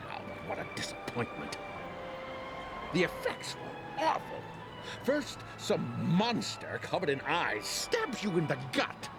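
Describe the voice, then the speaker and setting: A man's voice: fairly high pitch, exaggerated voice. An actor playing a grumpy old man in a game, grumbling and lecturing like a jaded critic. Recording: game audio over clear music.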